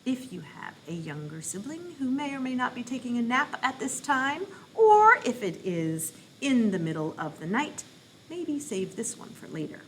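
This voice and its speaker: A woman who works as a children's librarian hosts a playful read-aloud program for kids. She talks in an animated, silly and encouraging way. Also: fairly high pitch, normal speed, slight background noise. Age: adult parent.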